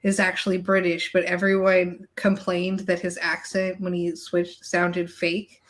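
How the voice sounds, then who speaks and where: A woman speaking slowly in casual chat, amused and laughing now and then as she talks. Her voice sits a little low. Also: monotone. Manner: amused, laughs while talking.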